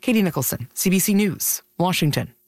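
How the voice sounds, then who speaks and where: A woman correspondent delivering a scripted news report in a crisp, formal way. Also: lowish voice, lively intonation, brisk, darkish tone, no echo.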